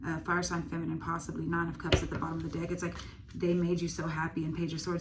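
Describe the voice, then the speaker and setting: A woman with a drawl talks through a tarot reading in a low, flat voice. She thinks aloud, full of "um" and "uh", and swears now and then. There is steady noise under the recording. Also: fast talker. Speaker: tarot reader.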